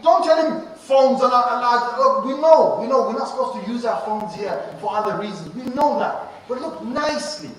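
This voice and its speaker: A man preaching to youth in a mosque, animated and repetitive, speaking straight to the crowd. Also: very high-pitched, normal speed, hardly any pauses. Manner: animated, repetitive, addresses the audience directly. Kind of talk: live mosque talk. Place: mosque prayer hall, indoors. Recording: echoey hall, distant mic, faint hiss.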